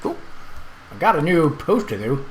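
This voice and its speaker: A man casually commenting on his gameplay and reading the game's text aloud, chatty and quick to correct himself. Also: a little high, very animated, faint music behind. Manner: chatty, self-correcting, laughs at the game. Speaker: let's play host.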